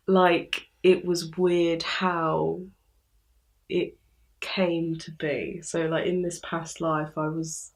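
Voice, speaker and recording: A young English woman chats casually in an interview with a slightly low voice. She laughs a lot and animatedly acts out little quotes of her own thoughts.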